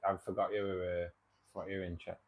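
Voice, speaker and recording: A man's voice: sits low, level tone, fast. A man hosting a casual livestream, chatting with viewers in a rambling way, repeating himself and calling people mate. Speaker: livestream host.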